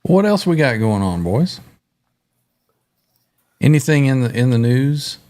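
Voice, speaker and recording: A man's voice: medium pitch, big pitch swings, measured pace, a little mellow. A man in a casual chat, bantering and joking.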